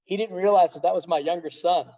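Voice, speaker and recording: A middle-aged man, a high school wrestling coach, talking earnestly in a casual podcast interview, rambling with many restarts. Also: fast, mellow. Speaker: head wrestling coach, guest. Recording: dull lo-fi sound.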